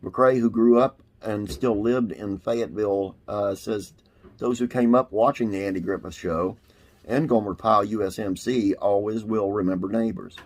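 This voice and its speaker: A man's voice: on the low side, steady tone, moderate pace, a little mellow. A man hosting a classic TV trivia channel, reading an article aloud in a casual way with frequent "uh" fillers.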